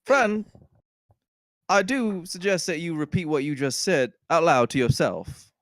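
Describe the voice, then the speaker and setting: A man's voice: on the high side, animated, measured pace, fairly bright tone, dry recording, clean studio sound, voice pushed up. A man voicing a frog man in a tabletop game, overly courteous and formal, with odd grammar and a put-on accent. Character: polite, stiffly formal frog man adventurer.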